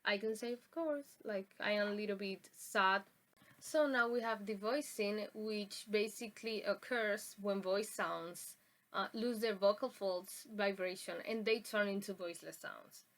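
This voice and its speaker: Slow-paced woman presenting a pronunciation lesson. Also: medium pitch, a bit bright. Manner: unhurried, with frequent fillers and self-corrections. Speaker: student presenter.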